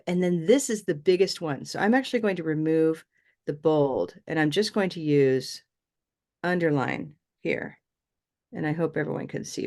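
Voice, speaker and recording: A woman teaching a pronunciation class online, her voice sitting a little low. She explains patiently and step by step, modeling how the phrases sound. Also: a little mellow.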